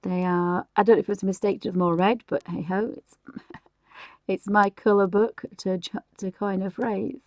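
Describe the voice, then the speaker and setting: A woman's voice: medium pitch, steady tone, moderate pace, a little mellow, no room sound, highs cut off. A middle-aged woman from England chatting casually while she colours on a live stream, rambling with restarts and light laughs.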